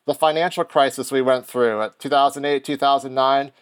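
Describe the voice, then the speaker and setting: A man co-hosting a podcast, talking things through in a measured, analytical way. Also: mid-range voice, steady tone, clear, resonant tone. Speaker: podcast co-host. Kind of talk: casual podcast chat.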